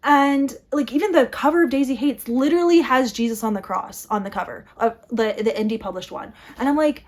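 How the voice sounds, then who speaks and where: Young adult female vlogger, casual to-camera chat, slightly high voice, animated and self-interrupting. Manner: animated, self-interrupting, quick asides with laughs. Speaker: book vlogger.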